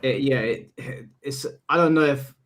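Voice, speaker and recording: A man hosting a casual podcast chat, speaking in a measured way as he weighs his opinions. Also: medium pitch.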